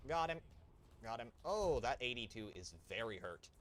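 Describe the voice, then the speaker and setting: A man's voice: mid-range voice, very animated, normal speed, a bit bright, a little hiss or hum. A man streaming a tank game, chatting and joking with his viewers while he plays. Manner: chatty, jokey asides to chat. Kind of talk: live gameplay commentary.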